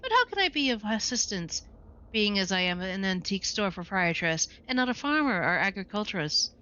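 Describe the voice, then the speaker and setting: A woman's voice: medium pitch, very animated, fairly quick, sharp tone, highs cut off. A woman voicing a long-winded female antique store owner who speaks in a stiff, old-fashioned formal way. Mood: prim. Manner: stiff, archaic, overly formal.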